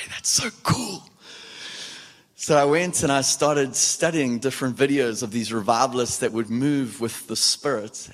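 A man preaching a lively sermon in a church, breaking into loud laughter and shouts as he urges the congregation on. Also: mid-range voice. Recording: echoey church hall.

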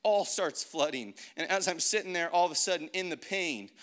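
This man gives a personal faith testimony in a high, fairly bright voice at a moderate pace. It's casual and earnest, reflective storytelling in a loose style with many fillers, leaning heavily on "like."

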